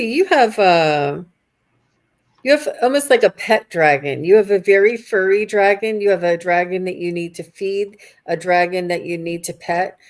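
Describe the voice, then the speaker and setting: A woman with a fairly low voice delivers a psychic reading at an unhurried, soothing pace. She hesitates often, filling pauses as she gathers impressions. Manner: slow, soothing, hesitant with fillers. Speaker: psychic medium guest. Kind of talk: intuitive reading on a live stream.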